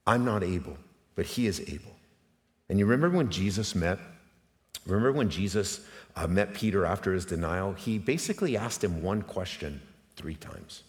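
A middle-aged man preaching a sermon to his congregation, passionate and direct, asking rhetorical questions and swinging between hushed and loud emphatic moments. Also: sits low, lively intonation, normal speed. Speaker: pastor. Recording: long reverb of a large hall.

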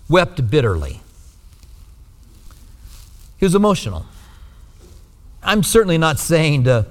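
A man preaching a sermon in an earnest way, rising to strong emphasis and dropping to hushed, low tones. His voice sits a little higher than most men's. The sound carries a long reverb, as in a large hall. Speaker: pastor.

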